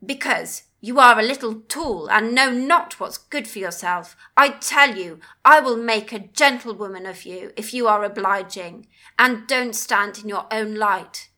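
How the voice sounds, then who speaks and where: An impatient gentleman master barks out orders in a commanding, hasty manner, as a woman reader puts him on. The delivery stays unhurried, with a high, bright tone. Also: expressive, exaggerated voice. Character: overbearing gentleman master, adult man, impatient.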